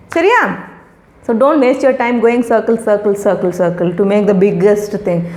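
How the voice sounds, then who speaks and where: This is a recorded lesson for young kids, led by a middle-aged woman who patiently sounds out words, repeats them and explains each. Her pitch is fairly high and her tone darkish, with animated delivery at an ordinary pace, all in an echoey room.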